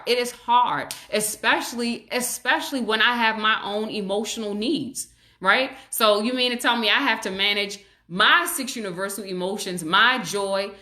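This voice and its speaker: The sound is reverberant as a woman with a medium-pitched voice, a child psychologist, hosts a parenting live stream over a webcam or phone. Warm and reassuring, she guides viewers through their comments and performs voices for both parent and child.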